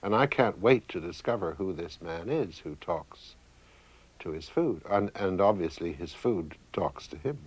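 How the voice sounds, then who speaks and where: A man, a novelist, reflecting on writing and halting often as he searches for words. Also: deep voice, expressive, husky, low-quality recording. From Canada. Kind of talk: reflective talk about writing.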